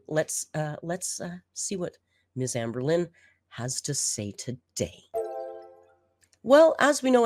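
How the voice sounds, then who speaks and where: A woman with a low voice and a slight hoarseness comments on a video she is reacting to. Her tone stays sarcastic and dry. The sound is close and dry, with no room around it. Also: darkish tone, no echo. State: slightly hoarse after being sick. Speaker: reaction channel host.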